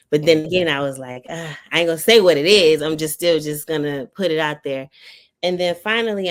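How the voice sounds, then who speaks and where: Low raspy woman from Maryland. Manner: reflective, talks through her story with many "like" fillers. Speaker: podcast guest. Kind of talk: casual podcast chat.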